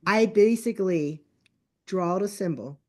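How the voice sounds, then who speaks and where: A middle-aged woman telling a family story in casual conversation, chatty and animated, acting out the lines of her relatives. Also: medium pitch, a little slow. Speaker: guest. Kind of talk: casual storytelling on a podcast call.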